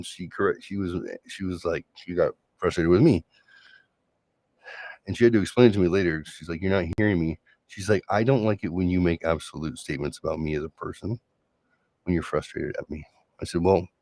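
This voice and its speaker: Deep-voiced sarcastic man rambling. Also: darkish tone, no echo. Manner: sarcastic, rambling storytelling with frequent restarts. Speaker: solo show host. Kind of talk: casual monologue.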